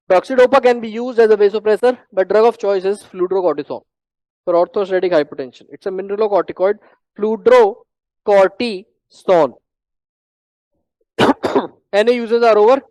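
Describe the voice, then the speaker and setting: A teacher with an Indian English accent giving a classroom lecture on medical exam prep, repeating points emphatically and clearing the throat often. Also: medium pitch, a little mellow, no echo, rough recording.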